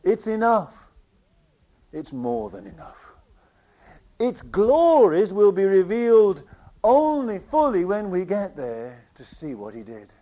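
A man preaching a sermon with passion, repeating phrases and swinging between loud declarations and quiet asides. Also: high-pitched, huge pitch swings, takes it slowly, lo-fi sound.

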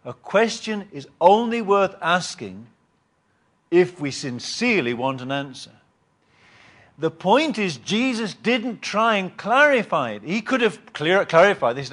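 Emphatic preacher man, slightly high voice. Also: very animated, a bit bright. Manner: emphatic, with dramatic rises and long pauses; reads scripture aloud and repeats words. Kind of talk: Bible teaching sermon.

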